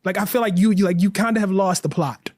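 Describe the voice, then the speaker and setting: A man being interviewed, speaking earnestly and growing animated, with frequent "like" and "you know" fillers. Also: sits high, fast, no room sound. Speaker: interview guest, writer. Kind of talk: impassioned interview talk.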